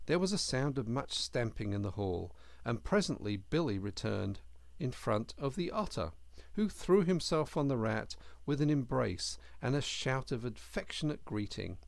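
A man reading a children's classic aloud as narrator, in a measured storytelling manner. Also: mid-range voice, sing-song, vocal fry, dry recording. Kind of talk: audiobook narration.

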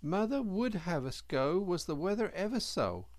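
A man's voice: sits high, sing-song, moderate pace, no echo, voice pushed up. A man voicing a young male hedgehog, timid and polite, speaking in a humble country dialect and calling everyone sir. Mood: anxious, deferential.

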